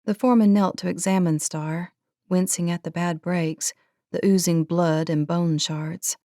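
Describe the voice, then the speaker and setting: A woman narrating an audiobook in a measured, earnest storytelling manner. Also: lowish voice, fairly even intonation, warm tone, dry recording, studio quality.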